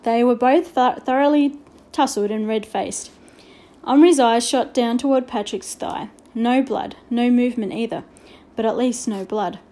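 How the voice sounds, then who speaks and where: A woman reads a children's story aloud with measured, expressive narration. Her voice sits slightly high and sounds mellow and rounded. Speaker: audiobook reader.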